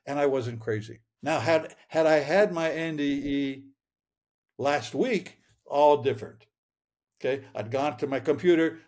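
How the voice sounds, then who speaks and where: A man's voice: mid-range voice, a little mellow. An older man in his eighties speaks as a guest in an interview, telling his own story. He is earnest and reflective, circles back to restart his phrases, and chuckles now and then. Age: 80s.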